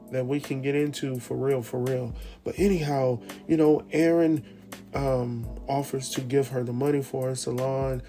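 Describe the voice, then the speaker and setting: A man with a warm, mellow voice talks through a TV episode in a loose, slangy recap. He drifts into retelling scenes as quoted dialogue. Soft guitar music plays faintly behind him. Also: medium pitch. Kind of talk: casual episode recap commentary.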